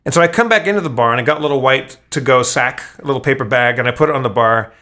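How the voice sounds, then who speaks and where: A man's voice: medium pitch, very fast, bright, forceful tone. A man telling a long story in casual podcast chat, rambling with frequent stammered restarts and swearing. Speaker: podcast host.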